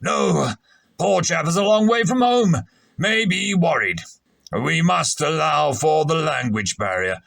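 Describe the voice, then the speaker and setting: A pompous, short-tempered ship's captain, put on by a man reading a story aloud, pitched higher than plain speech. He barks and blusters every order, and his voice swings with a lively, commanding lilt. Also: unhurried, gravelly, full character voice. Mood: brusque. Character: pompous, irritable old naval captain, male.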